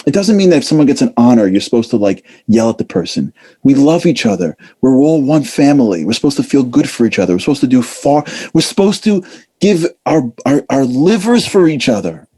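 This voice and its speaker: Middle-aged male speaker, animated talk, dark husky tone, acts out quotes. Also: medium pitch, brisk. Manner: animated, acts out voices, casual fillers. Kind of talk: lively motivational talk.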